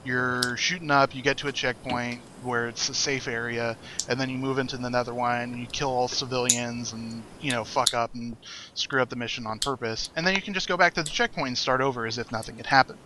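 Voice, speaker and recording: A man's voice: medium pitch, fairly even intonation, fairly quick, noisy background. A young man co-hosting a podcast in casual chat, rambling with many fillers and frequent laughs. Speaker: podcast co-host.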